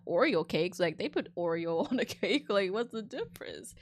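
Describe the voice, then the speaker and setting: A woman streamer reading an online story aloud and reacting to it with animated, indignant, slangy comments. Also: lowish voice, moderate pace, few pauses. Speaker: VTuber streamer.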